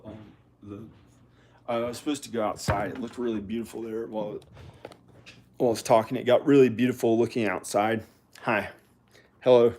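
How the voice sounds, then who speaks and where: A vlogger in his forties from the American South delivers a rambling, casual monologue in a somewhat low, darkish voice. He meanders, circling back over the same phrases and restarting his sentences often.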